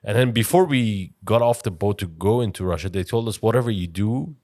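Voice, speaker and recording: A man's voice: lowish voice, a little fast, a little mellow, no echo, clean studio sound. A young man from Iran with a mixed Iranian-English accent, co-hosting a podcast and telling stories animatedly, swearing freely. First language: Farsi. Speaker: podcast co-host. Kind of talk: casual storytelling chat.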